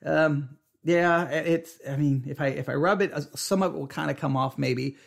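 High-voiced man telling a story animatedly. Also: normal speed, gravelly. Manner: animated, acts out his own panicked exclamations; frequent stammered restarts. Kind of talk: casual storytelling.

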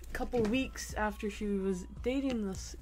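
Rambling teenage boy, halting story. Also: high-pitched, background noise. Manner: rambling, halting, lots of fillers. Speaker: vlogger. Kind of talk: casual storytelling to camera.

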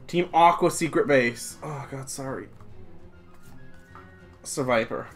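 A YouTube host casually opening trading card packs and rambling straight to viewers in an excitable way. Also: mid-range voice, slow. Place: home room, seen on face cam. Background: faint background music.

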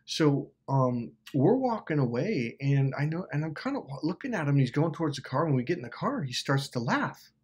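A man with a slightly high, husky voice speaks briskly with few pauses. Hosting a self-help video, he recounts a personal story in an animated, profane, rambling style packed with fillers.

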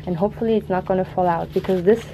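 A woman's voice: on the low side, fairly even intonation, rapid-fire, warm tone, slight background noise. A young woman working as a flight attendant, chatting casually in a rambling, giggly vlog style. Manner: chatty, rambling, laughs often.

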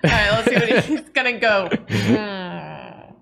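A woman co-hosts a casual game stream with a bright, sharp voice. She is playful and keeps cracking jokes as she chats. She laughs easily. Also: medium pitch, big pitch swings, slow, creaky. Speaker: stream co-host. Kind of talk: casual let's-play chat.

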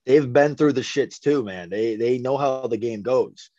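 A man's voice: mid-range voice, unhurried, mellow, no echo. Young male boxer, blunt and profane storyteller; dry, slightly muffled podcast sound. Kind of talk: casual interview chat.

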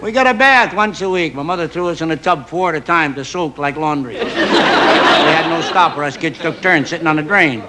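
A middle-aged man telling a folksy comic story as a stand-up monologue, stammering when excited. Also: fairly high pitch, moderate pace. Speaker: comedian guest. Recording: live TV audience, noisy old broadcast. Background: audience laughter.

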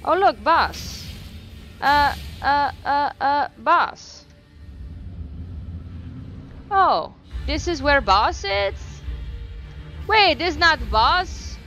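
Unhurried high-voiced woman gamer. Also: soft background music. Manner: swears freely and talks back to the game; animated reactions, repeats phrases. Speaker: gaming YouTuber. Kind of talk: let's play commentary.

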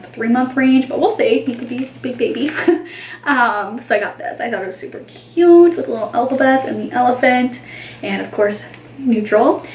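A woman's voice: on the high side, a little mellow, reverberant, far from the mic, slight background noise, poor audio. A pregnant woman in her twenties, chatting casually in a vlog, gushing over baby clothes with lots of fillers. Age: 20s. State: pregnant, tired. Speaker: vlogger.

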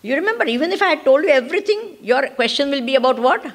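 A woman's voice: sits high, fast talker, vocal fry. A woman with an Indian accent giving a spiritual lesson on Vedanta. She often checks in with her listeners, switches into Hindi now and then, and laughs as she explains. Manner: animated, laughs while explaining. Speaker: spiritual teacher. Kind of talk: Vedanta discourse.

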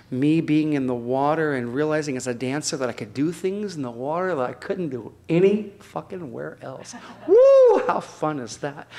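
A man recounts his own memories in a loose, animated storytelling style. He talks in a middle pitch, often stopping to restart with ums and you-knows before rushing on. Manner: rambling, animated, many fillers. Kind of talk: personal storytelling. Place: community access studio.

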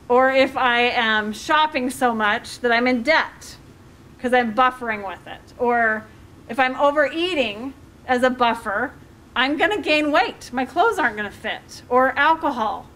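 A woman's voice: high-pitched, a bit bright. A middle-aged woman, a life coach, giving a workshop talk to a group in a conversational way, with fillers and questions to the audience.

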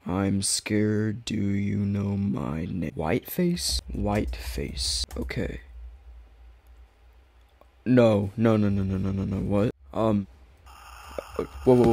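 A man's voice: on the low side, slow pace, gravelly, long pauses, darkish tone. Jumpy man yelping through a horror game. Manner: jumpy, rambling, yelps and repeats himself when startled. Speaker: gaming YouTuber.

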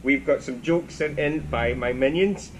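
A man's voice: medium pitch, measured pace, a little hiss or hum. A man hosting a casual interview, cheerful and joking as he reads out questions and runs a game. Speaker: host.

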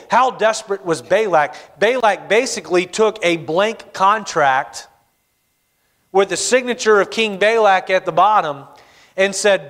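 A male pastor preaching a sermon in a church, telling the story with animated voices. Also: high voice, unhurried. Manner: animated storytelling, acts out characters. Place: church sanctuary. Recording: long hall reverb in church.

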